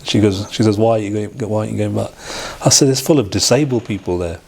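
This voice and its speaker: A man's voice: on the low side, vocal fry, darkish tone, husky. Man telling his story. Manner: halting, with restarts and acted-out quoted dialogue. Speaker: interview guest. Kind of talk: personal storytelling.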